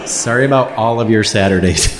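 A man telling a personal story live on stage, wry and animated, raising his voice when he quotes people. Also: lowish voice, a little fast, over a noisy crowd, very noisy. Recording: roomy hall reverb.

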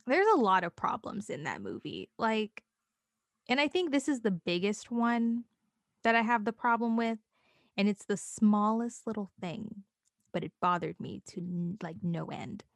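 A young woman co-hosting a casual podcast chat, animated and acting out quotes in a high squeaky voice. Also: a little slow, vocal fry, no echo, studio quality. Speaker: podcast co-host.

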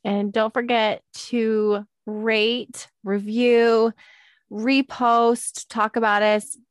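A woman co-hosting a podcast who tells funny stories in an animated, laughing way. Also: a little high, drawn-out words, clear, resonant tone, no echo, studio quality. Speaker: podcast co-host. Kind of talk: casual chat.

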